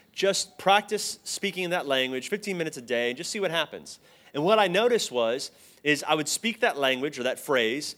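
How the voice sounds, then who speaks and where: A man giving a casual storytelling sermon to a live group, acting out the voices in his anecdotes. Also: on the high side. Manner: animated, acts out both sides of dialogue. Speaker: speaker at a church teaching.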